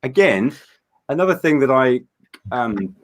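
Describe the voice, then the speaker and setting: A man's voice: mid-range voice, very animated, a little slow. A man chatting casually on a late-night charity livestream, rambling and enthusiastic with lots of fillers and restarts, tired after staying up all night. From Norfolk, England. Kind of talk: casual chat.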